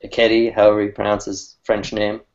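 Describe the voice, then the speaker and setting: A man co-hosting a casual chat with a fellow cartoonist, talking in a rambling, halting way and laughing easily. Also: lowish voice, monotone, lo-fi sound. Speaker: cartoonist co-host.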